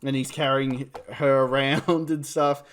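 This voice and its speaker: A man's voice: medium pitch, flat delivery, unhurried. Rambling New Zealand man reviewing a film. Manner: rambling, swears, laughs at himself. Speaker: movie reviewer. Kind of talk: casual video review.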